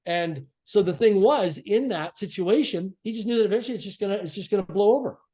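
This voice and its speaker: Earnest, fairly high-voiced man telling a story. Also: fast, dark tone. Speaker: podcast guest, author and speaker. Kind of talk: reflective storytelling in conversation.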